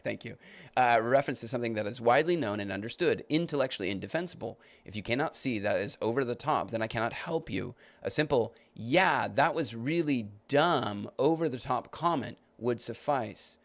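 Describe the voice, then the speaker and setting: A man hosting a podcast, arguing his point and rebutting comments he reads aloud, with many restarts. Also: medium pitch. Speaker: podcast host. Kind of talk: live-stream commentary reading comments.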